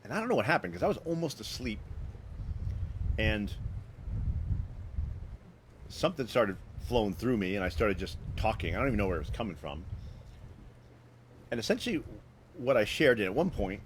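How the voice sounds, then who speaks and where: A man hosts a live stream and tells a personal story, his pitch swinging up and down as he talks. He restarts sentences often and speaks straight to his viewers. A faint hum of ambient noise sits behind him. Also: normal speed, pauses often. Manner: animated storytelling, frequent restarts. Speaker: host.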